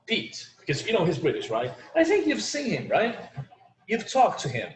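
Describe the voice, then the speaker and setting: With a high voice whose pitch swoops wildly, a man teaches an online English class at normal speed, a little hiss or hum under the audio. A chatty native Portuguese speaker, he says "like" and "you know" constantly, in an echoey room with faint ambience.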